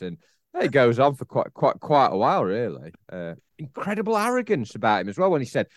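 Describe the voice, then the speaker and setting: A man co-hosting a casual football podcast, chatty and animated, laughing often as he tells stories. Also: mid-range voice, fairly quick, dry recording, studio quality. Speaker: podcast co-host.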